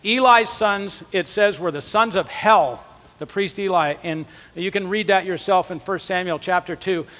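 A man's voice: sits high, pushed and bright, big-room sound. A man teaching at a men's conference, preaching in an earnest, conversational way. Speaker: conference speaker. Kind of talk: sermon teaching.

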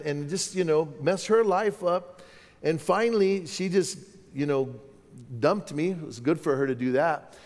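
Fifties male preacher, candid storyteller, slightly high voice, long reverb of a conference hall. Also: darkish tone. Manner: candid storytelling, acting out dialogue. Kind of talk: testimony sermon.

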